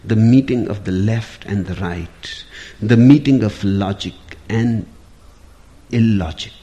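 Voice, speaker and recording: A man giving a spiritual discourse in a measured, deliberate storytelling manner. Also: lowish voice, mellow. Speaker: spiritual teacher.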